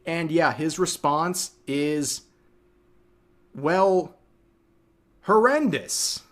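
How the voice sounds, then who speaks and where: A man's voice: on the high side, expressive, extremely slow, a bit bright. Dry, sarcastic male commentary host.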